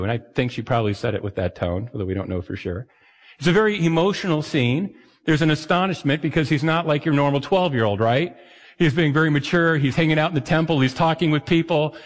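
A pastor giving a sermon in a conversational way, with joking asides. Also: male voice, on the high side, lively intonation, brisk. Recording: long reverb in a hall.

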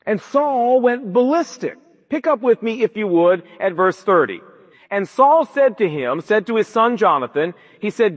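A man preaching a sermon, retelling the scripture story in an animated way and acting out the quoted speech. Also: high-pitched, moderate pace, in a large hall, dull audio. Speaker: pastor.

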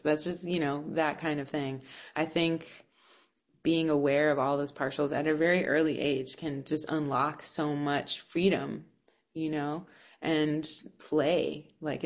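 A woman with a low voice talks through her ideas in a relaxed interview. She often stops and restarts, reaching for the right words, and laughs now and then. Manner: thoughtful, searching for words with many restarts and fillers. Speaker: music teacher and composer. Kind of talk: casual interview answers.

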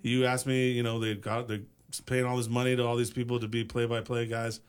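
A man's voice: medium pitch, level tone, brisk, smooth. A man co-hosts a casual sports talk show. His delivery is easygoing and agreeable. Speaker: radio co-host.

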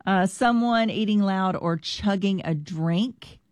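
A woman's voice: mid-range voice, slow, darkish tone, no room sound, studio quality. A middle-aged woman co-hosting a radio show in casual banter, laughing often as she reads out listener messages.

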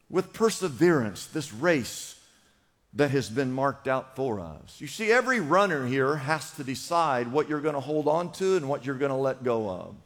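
A man's voice: fairly high pitch, in a large hall. A man preaching a sermon as pastor, urging his congregation on with emphatic, repeated exhortations. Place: church in Los Angeles.

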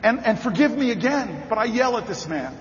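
A man giving a rousing political convention speech, telling a story and building to shouted rallying calls. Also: very high voice, very animated, brisk, slight background noise. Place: large convention hall with a crowd. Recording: echoey hall, dull sound, crowd behind.

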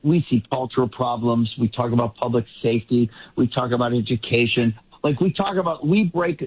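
Husky man on a tinny remote line. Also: mid-range voice, a little fast, hardly any pauses. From Boston area. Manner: emphatic, repeats words while building a point. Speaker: political commentator guest. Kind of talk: casual panel talk.

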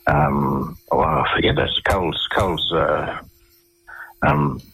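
Husky low-voiced Australian man. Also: fairly bright tone, rough recording. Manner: halting, with many restarts and repeated words. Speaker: interview guest. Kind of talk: storytelling in a radio interview.

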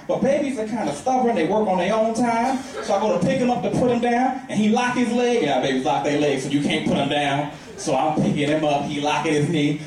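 A man's voice: on the high side, very echoey, distant mic, noisy background. A man performing stand-up comedy, with laid-back storytelling that builds to exasperated outbursts.

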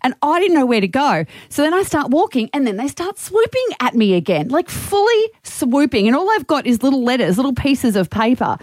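A woman's voice: high voice, brisk, few pauses, no echo. An Australian woman in her forties co-hosting a radio show, telling a story animatedly. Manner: animated storyteller, acts out voices. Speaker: radio co-host. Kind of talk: casual radio chat, storytelling. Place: radio studio.

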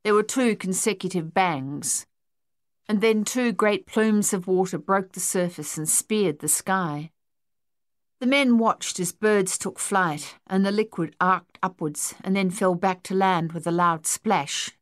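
A woman narrating a novel in a measured storytelling manner, close to the microphone. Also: mid-range voice, no room sound. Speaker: audiobook narrator. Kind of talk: scripted narration.

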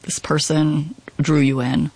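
A podcast host narrating a documentary script in a measured way and asking the guest probing questions. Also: mid-range voice, flat delivery, darkish tone, slightly rough.

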